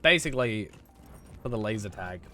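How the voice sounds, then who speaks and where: A young man streaming a game, chatting casually in a rambling way full of fillers and restarts, a bit hoarse. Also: fairly low pitch, expressive, normal speed, bright, forceful tone. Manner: rambling, filler-heavy, self-correcting. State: hoarse after losing his voice. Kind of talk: casual chat while gaming.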